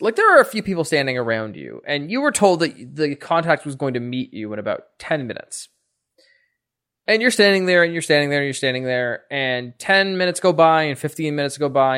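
Lively, animated male game master. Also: fairly high pitch. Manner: animated, dramatic repetition in narration. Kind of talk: narrating a tabletop game.

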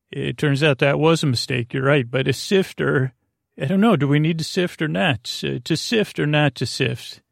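A man's voice: fairly high pitch, moderate pace, vocal fry, dry recording, studio quality. A man hosting a sleep podcast, rambling through a meandering bedtime monologue with goofy asides.

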